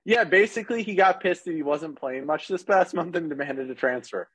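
A man co-hosting a podcast, talking in an animated, sarcastic way about football. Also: brisk, slightly rough, no echo, low-quality recording. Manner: animated, sarcastic, quotes others in lowered voices. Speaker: podcast co-host. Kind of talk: casual sports chat.

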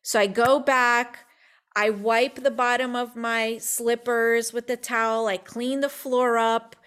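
A woman telling a personal faith story in casual talk, acting out the quotes in quick, animated bursts. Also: fairly high pitch, smooth.

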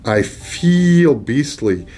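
A man's voice: medium pitch, big pitch swings, extremely slow, warm tone, slight background noise, voice pushed up. A man reading aloud, voicing a knight father in pain who pleads for help. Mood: pained, pleading. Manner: wailing, pleading storybook voice. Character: pained knight father turned dragon.

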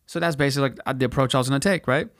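A man's voice: medium pitch, racing, fairly bright tone, dry recording, clean studio sound. A man hosting a podcast, telling a story in a casual, profane, slangy way and acting out quotes in put-on voices. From United States. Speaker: podcast host.

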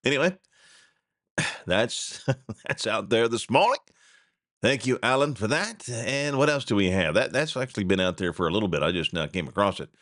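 A man's voice: lowish voice, moderate pace, no room sound, clean studio sound. A middle-aged man hosting a radio talk show, ranting in a casual, chuckling way. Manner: animated, ranting, chuckling asides.

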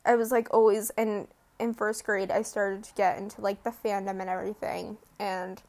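A teenage girl chats on her own solo podcast, rambling and giggling with lots of "like" and "um," sleepy and yawning. Her mid-range, darkish voice is flat in delivery at normal speed.

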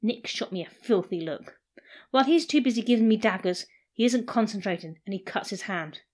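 A woman narrating a first-person story in a playful, animated way. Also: mid-range voice, brisk.

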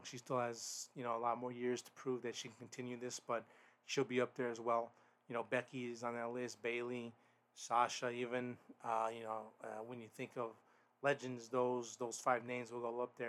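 A man's voice: mid-range voice, fairly bright tone. Rambling man reviewing wrestling. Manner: rambling, frequent restarts and fillers; blunt, swears. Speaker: podcast host. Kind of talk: casual solo wrestling review.

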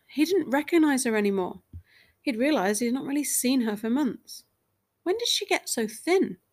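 A woman reads a short story aloud as narrator. Her voice sits a little high, and her delivery is measured and even, in a steady storytelling manner.

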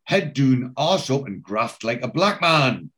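A man's voice: mid-range voice, big pitch swings, a little slow, fairly bright tone. A man voicing a brash, boastful middle-aged builder while retelling a scene. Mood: matey.

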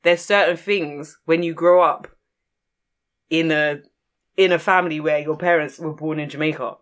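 A woman's voice: low-pitched, steady tone, moderate pace. Laughing woman in her thirties. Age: 30s. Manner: candid, laughs often, slang-filled. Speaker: podcast co-host. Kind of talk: casual chat.

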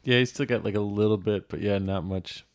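A man's voice: fairly low pitch, steady tone, fairly quick. A man in casual movie chat with friends, talking loosely with lots of fillers and the odd swear word.

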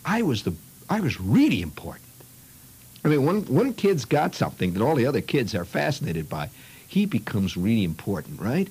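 Husky, lively male storyteller. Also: medium pitch, moderate pace, low-quality recording. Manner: rambling, full of "you know" and "see", chuckling asides. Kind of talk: rambling spoken storytelling.

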